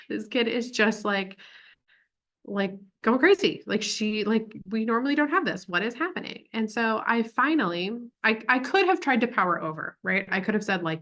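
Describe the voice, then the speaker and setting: A woman's voice: fairly high pitch, animated, normal speed, fairly bright tone. A young woman talking through a parenting lesson in a casual, chatty way, with plenty of "like" and "um". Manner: chatty, full of "like" and "um" fillers. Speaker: parent educator. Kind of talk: casual teaching talk.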